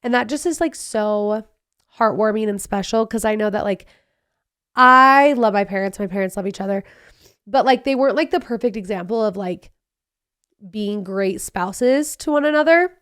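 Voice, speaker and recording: A woman in her thirties hosting a casual solo podcast, telling personal stories in a chatty, animated way with quick asides. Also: medium pitch, clear, resonant tone. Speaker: podcast host.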